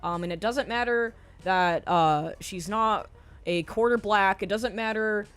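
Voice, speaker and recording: A young woman talks straight into her stream in a long, profane rant. Her voice sits at an ordinary middle pitch, broken up by frequent ums and a steady stream of curses. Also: unhurried, clear, resonant tone. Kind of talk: ranting live stream monologue.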